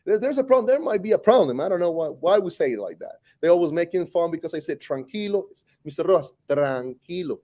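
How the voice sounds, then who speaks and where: Costa Rican man, mellow and animated. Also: high voice, fast talker, few pauses. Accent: Costa Rican Spanish. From Costa Rica. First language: Spanish. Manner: animated, joking, frequent restarts. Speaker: teacher. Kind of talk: casual interview.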